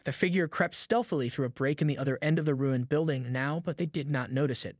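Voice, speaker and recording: A man's voice: fairly high pitch, quick pace, hardly any pauses, no echo. A man narrating a classic novel as an audiobook, reading from a script into a close microphone.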